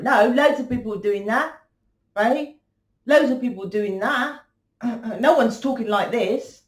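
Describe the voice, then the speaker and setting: A woman's voice: on the high side, expressive, slow pace. A woman giving a blunt, confrontational tarot reading, swearing freely and lecturing the listener. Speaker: tarot reader. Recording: echoey room.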